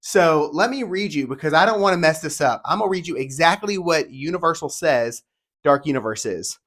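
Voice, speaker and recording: Upbeat chatty man, slightly high voice. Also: expressive, fairly bright tone. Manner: chatty and upbeat, rapid-fire. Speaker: theme park vlogger. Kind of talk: casual solo video talk, reading descriptions aloud.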